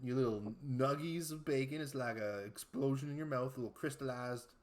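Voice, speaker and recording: A man's voice: medium pitch, brisk, darkish tone, close to an everyday voice. A man playing a folksy, easily offended cowboy country singer in an improv comedy bit, drawling and proud.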